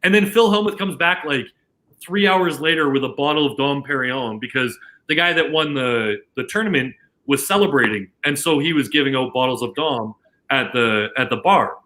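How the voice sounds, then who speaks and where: A man's voice: mid-range voice, expressive, moderate pace, sharp tone, low-quality recording. A man from Canada who works as a casino dealer, telling a long anecdote in casual chat, full of restarts and quoted dialogue. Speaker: casino dealer, podcast guest.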